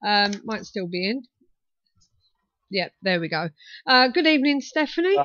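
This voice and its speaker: A woman's voice: medium pitch, sing-song, moderate pace, a bit bright. Chatty woman hosting a talk show. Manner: chatty, hesitant, many fillers. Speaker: radio talk show host. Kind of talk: casual chat. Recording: muffled dry sound.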